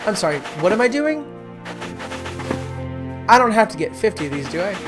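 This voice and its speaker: A gaming creator playing a story game, reading its text aloud with stumbles and self-corrections and breaking into excited squeals. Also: medium pitch, moderate pace. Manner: chatty, trips over words while reading and corrects itself; swings to excited squeals when delighted. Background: game music.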